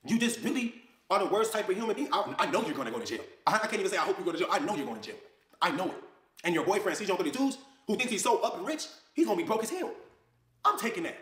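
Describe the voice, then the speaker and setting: High, fast-talking man, angry rant, echoey room. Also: sing-song, a bit bright. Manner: angry, rapid, mocking quoted voices. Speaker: influencer addressing critics. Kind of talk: heated ranting video clip.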